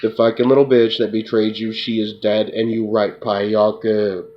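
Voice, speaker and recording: Flat-voiced man in a rambling rant. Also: fairly low pitch, moderate pace. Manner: repetitive, profane, tacks on "duh"; addresses an unseen listener. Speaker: self-described remote viewer. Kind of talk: rambling monologue. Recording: muffled lo-fi with loud hiss.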